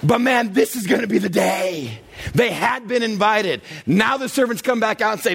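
Man, pastor, husky voice, lively swooping pitch, joking sermon delivery. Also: moderate pace. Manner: animated storytelling, acts out characters, frequent shouting and laughter. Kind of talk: comedic sermon. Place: church.

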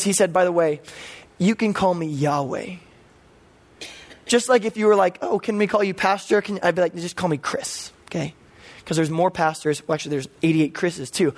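High-voiced male pastor teaching. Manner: explanatory teaching tone with playful asides. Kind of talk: sermon.

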